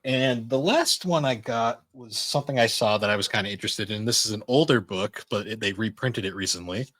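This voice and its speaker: A man's voice: lowish voice, fairly quick, fairly bright tone, no room sound. A young adult man co-hosting a podcast in casual chat, rambling and swearing freely. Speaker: podcast co-host.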